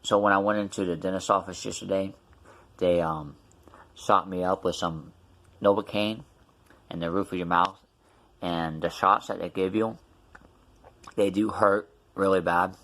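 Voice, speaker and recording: A man with a deep, low-pitched voice tells a story in a casual vlog. He rambles and restarts, with plenty of ums, and his mouth is still numb from the dentist. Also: fairly even intonation, unhurried, pauses often, a bit bright. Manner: rambling, many fillers and restarts. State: mouth numb after tooth extraction. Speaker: vlogger.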